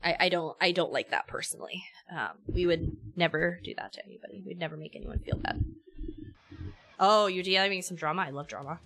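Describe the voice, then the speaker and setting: A woman's voice: on the low side, brisk, a bit bright. A woman streamer chatting casually and candidly with her audience, rambling and opinionated. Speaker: streamer and co-host. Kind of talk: casual live-stream chat.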